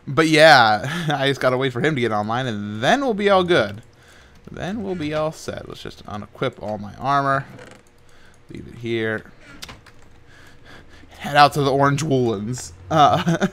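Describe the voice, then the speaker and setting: A young man hosting a gaming channel, chatting casually over his gameplay in a rambling, playful way, laughing often and trailing off quietly. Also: mid-range voice. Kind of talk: casual Minecraft commentary.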